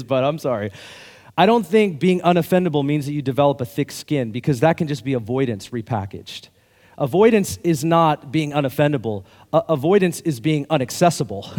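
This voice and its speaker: Male pastor, slightly high voice, chatty self-deprecating sermon, long hall reverb. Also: darkish tone. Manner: conversational, self-deprecating preaching with laughs.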